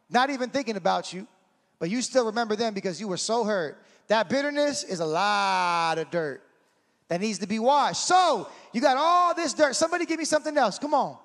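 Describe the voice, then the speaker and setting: Animated preacher man, high voice, hall reverb. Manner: animated, acts out scenes, swings from shouting to hushed. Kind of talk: sermon.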